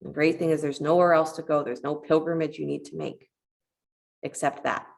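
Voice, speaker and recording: A woman teaching a yoga class, giving calm, encouraging cues and telling a short parable along the way. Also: deep voice, brisk, gravelly. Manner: calm, encouraging cueing with a parable told in between.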